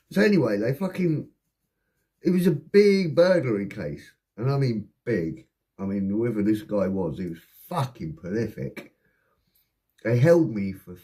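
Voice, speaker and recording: A man with an English accent, casually telling a rowdy personal story, swearing often and acting out the voices of the people in it. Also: fairly low pitch. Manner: swearing, rapid and animated anecdote telling with acted-out voices.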